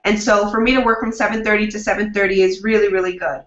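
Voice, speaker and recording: Bright-voiced chatty woman publicist. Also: mid-range voice, steady tone, fast talker. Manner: upbeat, chatty, acts out quoted dialogue. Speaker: publicist, guest. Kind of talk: casual interview answers. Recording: roomy, dull lo-fi sound.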